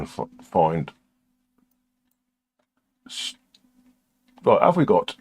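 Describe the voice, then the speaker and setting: A man's voice: low voice, sing-song, measured pace, gravelly, pauses often, darkish tone. An older man chatting casually on a live stream while recording music, sardonic and crude, muttering to himself as he works.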